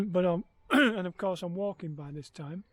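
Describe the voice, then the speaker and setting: A man's voice: sits high, lively intonation, measured pace. A man, worn out after heatstroke, vlogging about his ultra run in a rambling, hesitant way with many ums. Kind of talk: casual self-filmed vlog.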